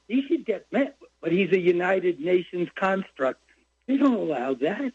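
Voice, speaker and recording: Older male caller, high voice, rambling heated rant, muffled phone audio. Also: big pitch swings, a little slow, darkish tone, slightly rough. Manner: rambling, heated, jumps between topics. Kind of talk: call-in radio rant. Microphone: phone line. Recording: dull lo-fi phone call.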